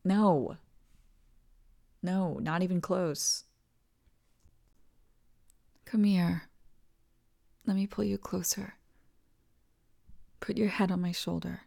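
A woman in a whispered role-play as a doting partner, talking softly and tenderly and often dropping into whispers. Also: on the low side, steady tone, slow pace, gravelly, pauses often. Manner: soft, tender, soothing, slips into whispers. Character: doting, reassuring partner comforting the listener.

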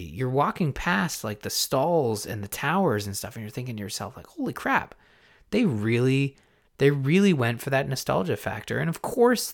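A man hosting a gaming podcast in a casual, rambling way, often stopping himself mid-thought and getting excited. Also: mid-range voice, gravelly. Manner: rambling, self-interrupting, excitable. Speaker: podcast host. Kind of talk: casual chat.

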